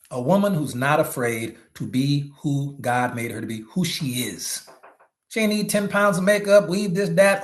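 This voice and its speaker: A man giving a motivational leadership talk to network marketers, animated and preachy, with slangy asides and sudden shouts. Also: fairly high pitch.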